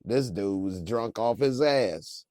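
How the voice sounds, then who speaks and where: A man casually reacting to a TV episode in slangy, laid-back talk with lots of laughter and animated retelling. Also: on the low side, slow pace, no echo, clean studio sound. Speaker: reviewer.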